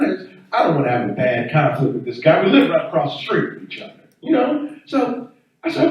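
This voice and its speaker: Animated stand-up comedian man in an echoey hall. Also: moderate pace, lo-fi sound. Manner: animated storytelling, swinging up and down in pitch. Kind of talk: stand-up set. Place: event hall on campus. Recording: echoey room, distant mic.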